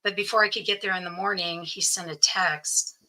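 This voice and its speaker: A woman, a guest in an interview, telling a personal story and acting out the voices of the people in it, often dropping to a hush. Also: lowish voice, steady tone, moderate pace, rough recording. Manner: acts out quoted voices, often drops to hushed tones.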